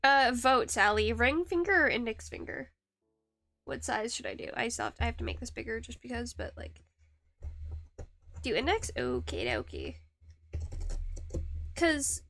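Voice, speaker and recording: A woman with a high voice chats on a live stream while she carves. She rambles and stops herself with fillers. The sound is close and dry, with faint music behind her. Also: very animated, a little slow, long pauses, fairly bright tone, no echo. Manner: rambling, self-deprecating, hesitant with many fillers. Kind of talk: casual live-stream chat while woodcarving.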